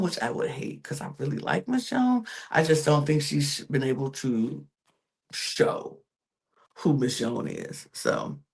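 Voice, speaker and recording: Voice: medium pitch, vocal fry, a little mellow. A podcast co-host giving a casual, gossipy recap of a reality show, trailing off into fillers and talking straight to viewers. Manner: addresses viewers directly.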